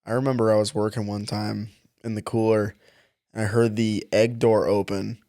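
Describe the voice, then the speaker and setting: A man's voice: fairly low pitch, normal speed, no echo, studio quality. A young man co-hosting a podcast, telling retail work stories in casual chat, laughing often and acting out customers. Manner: laughing, animated, acts out customers' voices. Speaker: podcast co-host.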